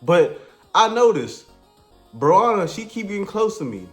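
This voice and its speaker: A man's voice: high-pitched, sing-song, measured pace, fairly bright tone. A man telling a crude comedic story in a laid-back, slangy, rambling way. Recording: echoey room with faint music.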